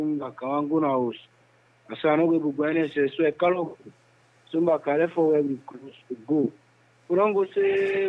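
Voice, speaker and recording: A man with a Sierra Leonean Krio accent recounting events in a phone interview, in halting, repetitive speech. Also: medium pitch. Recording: tinny phone line.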